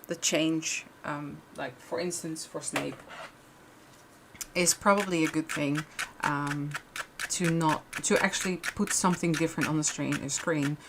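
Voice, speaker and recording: A woman's voice: sits low, a little hiss or hum. A young adult woman chatting casually as she crafts on a livestream, rambling with frequent restarts and fillers. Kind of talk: casual chat while crafting.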